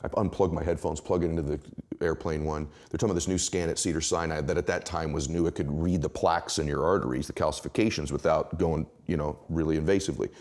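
A middle-aged man speaking as an interview guest, telling motivational stories with emphatic, animated delivery. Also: rumbling low, fast.

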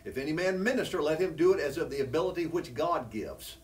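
Male preacher, earnest teaching sermon, higher-pitched voice, picked up from a distance. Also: expressive, fast talker, darkish tone. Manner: earnest and conversational, rises in pitch when emphatic. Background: congregation responding.

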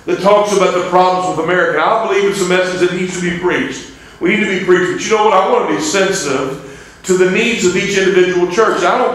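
A visiting evangelist preaches a revival sermon in a church sanctuary, fervent yet conversational, reading scripture in old-style wording. His voice is high and fairly bright, and the sanctuary sounds echoey.

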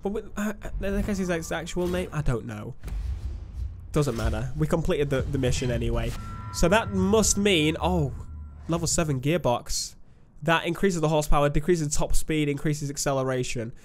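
A young man chats his way through a racing game, joking at his own expense as he plays. His voice sits high for a man. Faint game music runs underneath. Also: lively intonation, moderate pace. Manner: chatty, self-mocking. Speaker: gaming YouTuber. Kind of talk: let's-play commentary.

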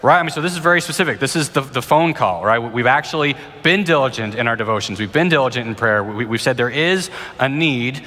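In a church auditorium, a male pastor in his thirties delivers a sermon and answers questions earnestly and conversationally, often restarting phrases. His mid-range voice is bright and forceful, with lively intonation, a quick pace, and hardly any pauses, echoing through the reverberant hall.

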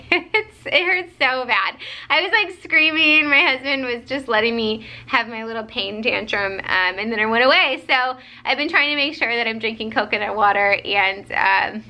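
A young woman vlogger, tired, chatting casually to camera and telling a story in an animated way with lots of fillers. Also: fairly high pitch, normal speed.

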